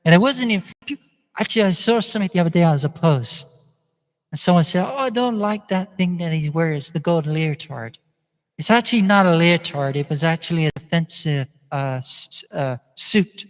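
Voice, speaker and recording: A man's voice: on the high side, animated, moderate pace. A man vlogging in a chatty, meandering way, often laughing as he talks. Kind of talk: casual rambling monologue. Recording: long echoing reverb.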